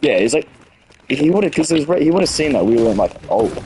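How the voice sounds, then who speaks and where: A man's voice: on the high side, big pitch swings, fast, mellow, slight background noise, poor audio. A young man in his late teens with an Australian accent, chatting on a stream, rambling and heated, with lots of restarts and swearing. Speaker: gaming streamer. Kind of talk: casual stream chat.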